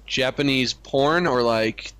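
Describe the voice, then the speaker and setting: A man's voice: medium pitch, slow pace, fairly bright tone, smooth, no room sound. A man co-hosting a crude comedy chat, speaking in a dry, mock-prim way with lots of hesitations. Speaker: co-host.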